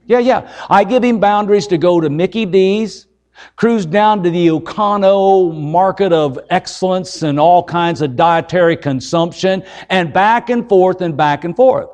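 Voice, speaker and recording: Middle-aged male evangelist, high voice, folksy jokey sermon that keeps calling on "folks". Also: unhurried, darkish tone.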